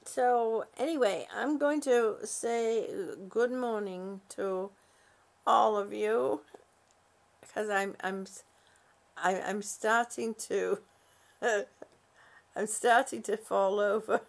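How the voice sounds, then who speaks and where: A woman's voice: mid-range voice, steady tone, slow, creaky, pauses often. A worn-out, sleepy woman hosting a casual live stream, reading out viewer comments in a rambling, giggly way. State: exhausted, sleepy.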